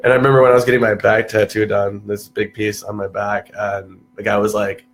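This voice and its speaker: A man's voice: fairly quick, a little hiss or hum. A young man, telling stories in casual chat, full of restarts and acted-out quotes. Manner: animated, restarts often, acts out quotes in a higher voice. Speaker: podcast guest.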